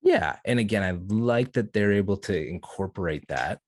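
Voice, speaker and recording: A middle-aged man co-hosting a music podcast, reacting in a relaxed, hesitant way and cracking jokes. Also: fairly low pitch, normal speed. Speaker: podcast co-host. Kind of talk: casual music chat.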